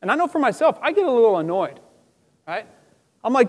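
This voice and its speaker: Male pastor, high voice, chatty sermon delivery with dramatic acted-out quotes, long church-hall reverb. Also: fairly quick, pauses often. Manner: lively, conversational, acts out quotes with loud bursts.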